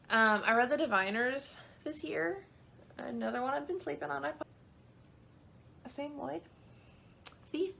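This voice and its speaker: A woman's voice: sits high, vocal fry, a bit bright, a little hiss or hum. A young woman talking about books in a casual video, chatty and gushing, with lots of "um" and "like". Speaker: book vlogger. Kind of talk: casual chat.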